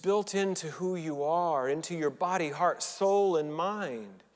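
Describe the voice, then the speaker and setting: A man's voice: on the high side, lively intonation, unhurried, hardly any pauses, in a large hall. Chatty male minister in a ringing sanctuary. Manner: chatty, joking, with frequent restarts. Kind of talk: conversational sermon. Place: church sanctuary.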